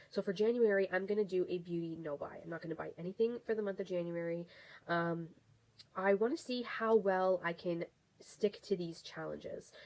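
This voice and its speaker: Young woman, low-ish voice, casual rambling beauty vlogger talking straight to camera. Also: a little mellow, low-quality recording. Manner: chatty, rambling with restarts and fillers. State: has the hiccups.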